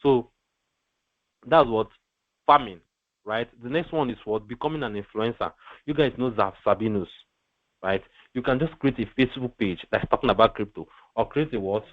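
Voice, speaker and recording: A man's voice: mid-range voice, moderate pace. Male online instructor, mid-range voice, quizzes his class as he teaches; thin phone-line audio. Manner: asks rhetorical fill-in questions like "what?". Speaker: webinar instructor. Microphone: online call mic. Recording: tinny phone-like line with faint noise.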